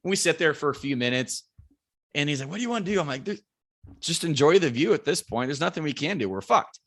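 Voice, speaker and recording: A man, a podcast guest, telling a lively hunting story and acting out what everyone said, swearing freely. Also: fairly high pitch, a little fast.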